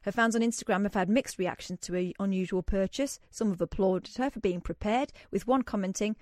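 A woman's voice: mid-range voice, a little fast, few pauses, a little mellow, no room sound, clean studio sound. A woman hosting a radio show, chatting casually and reading news aloud with joking asides. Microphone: studio microphone.

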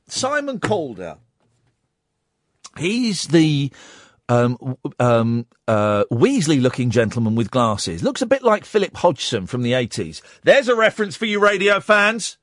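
A man's voice: on the high side, big pitch swings, measured pace, no echo, clean studio sound. A man hosting a radio show, reading the news aloud and mocking it in a sarcastic, jokey way. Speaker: radio host. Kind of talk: casual radio chat. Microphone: studio mic.

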